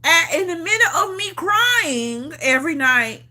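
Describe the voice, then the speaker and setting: A woman's voice: very high voice, very animated, unhurried, pushed and bright. A woman vlogger telling a personal story in a casual chat. She talks emphatically, repeats herself, swears freely and laughs often. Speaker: vlogger on a livestream.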